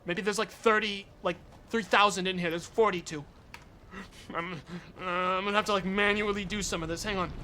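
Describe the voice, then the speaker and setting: A young man streaming a game live, talking to his chat, excitable and swearing often. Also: high voice, fairly quick, a little hiss or hum.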